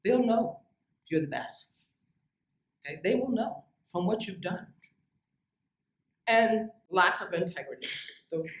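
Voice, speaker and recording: A woman scientist giving a direct, emphatic motivational lecture to young researchers. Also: medium pitch. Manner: emphatic, direct, lively with asides. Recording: echoey room, distant mic.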